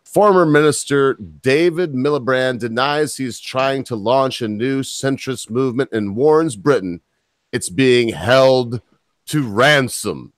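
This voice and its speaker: A man's voice: mid-range voice, slow pace, dry recording. An American man hosting a podcast, reading news articles aloud and breaking off into blunt, mocking asides. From United States. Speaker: podcast host.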